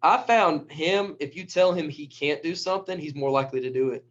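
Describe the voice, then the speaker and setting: Male wrestling coach, casual storyteller, fairly high voice, muffled lo-fi sound. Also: brisk. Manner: animated storyteller who acts out quotes. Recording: dull lo-fi recording.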